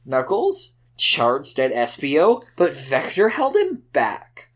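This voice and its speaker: Brief: comedic podcast host narrating fanfic, animated delivery, breaks into laughter. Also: medium pitch, slow. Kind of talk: reading fanfic aloud for laughs.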